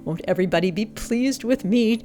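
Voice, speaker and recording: A woman's voice: brisk, soft background music, close to an everyday voice. A woman voicing a restless male trout who wants to be special, talking eagerly and insistently in a storybook reading. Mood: excited. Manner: eager, pleading, then excited and shrill.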